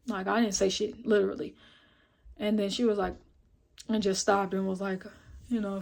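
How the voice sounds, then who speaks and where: A young woman talks straight to camera in a casual vlog. Her voice sits at an ordinary middle pitch. She tells her story bluntly and with plenty of swearing, and she acts out each line of dialogue with lively energy. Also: fairly quick, gravelly. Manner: blunt, profane and animated; retells scenes with quoted dialogue and filler like "boom, boom, boom". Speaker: vlogger.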